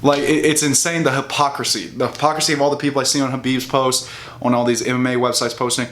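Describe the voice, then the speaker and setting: A man's voice: mid-range voice, moderate pace, fairly bright tone. A young man venting in a casual, profane commentary rant, full of restarts and mocking asides. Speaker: bodybuilding vlogger.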